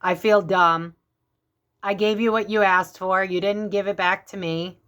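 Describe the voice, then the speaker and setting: Woman doing a grandiose betrayed man, indignant, self-pitying rant, mid-pitched. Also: fairly even intonation, a little slow, fairly bright tone, clean tone, lightly acted. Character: angry betrayed male celebrity, grandiose.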